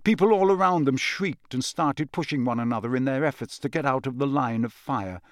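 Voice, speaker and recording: This scripted fantasy audiobook narration comes from a man with a medium-pitched voice and a measured, expressive storytelling style. The studio-grade recording is dry.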